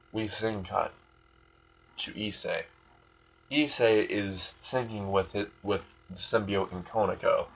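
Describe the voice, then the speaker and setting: A man's voice: low voice, slightly rough. A man casually retelling a fan story, rambling along with fillers and restarts. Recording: muffled lo-fi recording.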